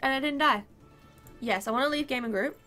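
A woman's voice: high-pitched, fairly quick, bright, forceful tone, faint music behind. A woman giving casual, chatty commentary while playing a video game, cheering on her team. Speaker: gaming video creator.

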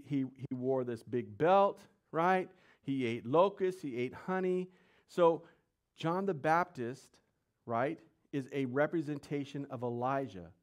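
A man preaching a sermon, telling the story in slangy, animated speech and asking his audience questions. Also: a little high.

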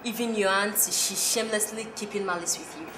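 A woman playing a blunt friend who scolds and pushes, with sharp, demanding delivery. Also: medium pitch, fairly even intonation, fairly quick, background noise, close to an everyday voice. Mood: scolding. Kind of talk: film drama acting. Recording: echoey room, far mic, music under.

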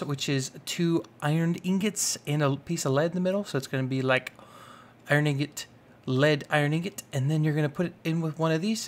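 Excitable young man rambling over gameplay. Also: a little high. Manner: excitable, rambling, full of fillers. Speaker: gaming YouTuber. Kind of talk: casual Minecraft let's play commentary.

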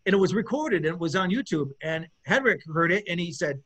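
A man, a bass player, chatting as an interview guest in a rambling, enthusiastic way with many fillers and restarts. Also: expressive, a little fast, bright, forceful tone, breathy edge. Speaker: guest musician, bassist. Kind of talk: casual interview chat.

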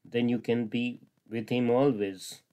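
A man's voice: mid-range voice, little pitch movement, a little slow, mellow, lightly acted. A man voicing a sly, demanding female crocodile wife, in plain, earnest storybook dialogue.

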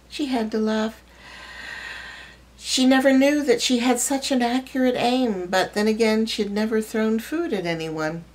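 A woman reading a short story aloud, in measured, expressive storytelling. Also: fairly high pitch, poor audio. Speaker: reader.

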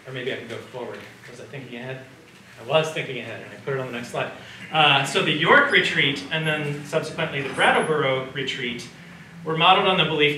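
A man's voice: on the high side, sharp tone. A man giving a public lecture with slides in a conversational way, often checking in with the audience. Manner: conversational, asks the audience questions. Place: community hall or lecture room. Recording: roomy sound from a distance, faint background noise.

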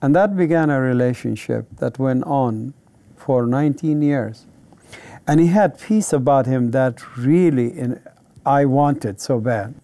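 Gravelly man. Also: medium pitch, a little slow, warm tone, no room sound. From Palestine. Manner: earnest, vivid storyteller who acts out quoted dialogue. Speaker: interviewee giving a testimony. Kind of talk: personal testimony in conversation.

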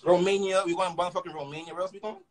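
A young man with a Toronto accent, ranting through a story fast and profanely, with frequent stammered restarts. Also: high-pitched, fairly even intonation, faint music behind, low-quality recording. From Canada. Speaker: rapper. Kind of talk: casual storytelling rant.

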